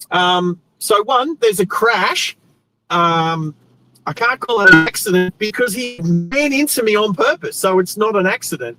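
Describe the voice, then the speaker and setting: High-voiced Australian man telling a story. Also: low-quality recording. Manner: animated, rambling with restarts. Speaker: host. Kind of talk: casual storytelling while driving. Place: inside a car on the road.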